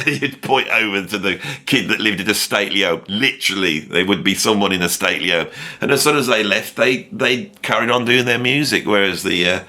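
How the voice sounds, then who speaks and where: A man's voice: lowish voice, a little fast, sharp tone. A middle-aged man gives casual, opinionated commentary in a rambling way full of asides. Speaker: music commentator. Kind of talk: casual ranked-list commentary.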